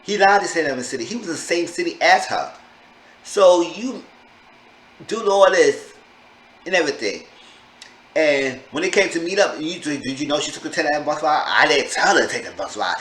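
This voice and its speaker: A man giving a casual, animated recap as a show reviewer, sassy and acting out the quotes. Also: fairly high pitch, moderate pace, long pauses, reverberant, a little hiss or hum.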